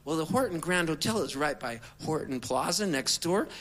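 A middle-aged man, a singer-songwriter, telling a rambling comic story to an audience in a conversational, animated way. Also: a little high, normal speed.

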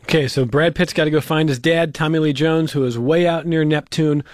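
A man's voice: on the high side, fairly even intonation, a little fast, dry recording, studio quality. A male interview host speaking in a wry, joking way in a casual chat.

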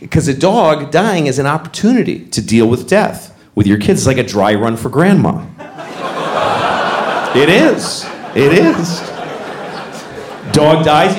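A middle-aged man doing a stand-up comedy set, telling stories animatedly and acting out voices with loud bursts. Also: fairly high pitch. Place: live comedy stage. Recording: echoey venue with audience noise.

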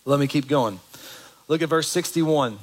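A man's voice: fairly high pitch, normal speed, darkish tone, low-quality recording. A man preaching a sermon as pastor, in a conversational way that asks the congregation questions.

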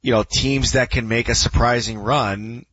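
A man co-hosting a sports talk show, arguing his points in casual, animated conversation. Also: moderate pace, breathy edge, no room sound, dull audio. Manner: animated, argumentative, rising pitch when pressing a point.

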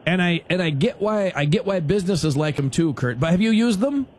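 A man's voice: high-pitched, lively intonation, brisk, a little hiss or hum. A man hosting a talk radio show in casual, rambling chat, sarcastic and full of restarts and self-corrections.

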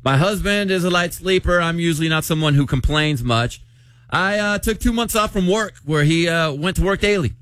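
A man's voice: a little high, normal speed, fairly bright tone, no room sound. A man hosting a morning radio show in a casual, chatty way, reading out a listener's letter. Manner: chatty, laughs easily, many restarts.

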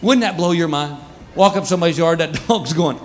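A married man doing stand-up about his pets, animated, acting out the animals in squeaky voices. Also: brisk, a little hiss or hum. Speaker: stand-up comedian. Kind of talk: stand-up routine. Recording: live show with loud audience laughter. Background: audience laughter.

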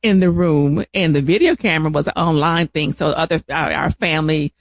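A man telling family caregiving stories in an animated, laughing manner. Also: fairly high pitch, no room sound. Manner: animated storyteller, laughs often, drawn-out emphasis. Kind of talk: casual family storytelling.

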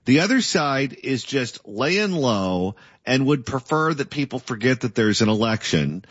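A male interview host talks in a husky voice and stacks up several points before he reaches his question. The sound is dry and close, with a dull lo-fi tone. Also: mid-range voice, a bit bright, dry recording. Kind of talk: political interview.

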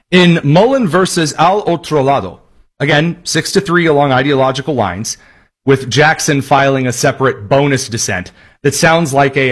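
Sarcastic husky-voiced male talk host. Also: fairly high pitch, fairly bright tone. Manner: sarcastic, mocking, emphatic repetition. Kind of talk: political commentary monologue.

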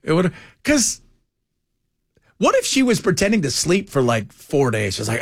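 Lively high-voiced radio host. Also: male voice, normal speed, pauses often, slightly rough, no room sound, studio quality. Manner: animated, mocking put-on voices. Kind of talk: casual banter.

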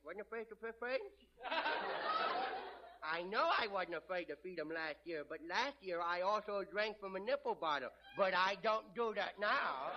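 An actor playing a mischievous little boy who talks in ungrammatical kid speak, in an old-time radio comedy. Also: high voice. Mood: cheeky. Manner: impish, ungrammatical kid talk. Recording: hissy lo-fi old radio recording.

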